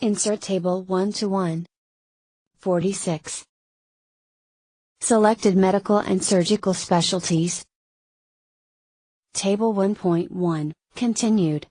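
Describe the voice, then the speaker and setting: A woman reading medical terminology textbook pages aloud, word by word, in a flat, measured way. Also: mid-range voice, dry recording, low-quality recording. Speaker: narrator of a medical terminology lesson.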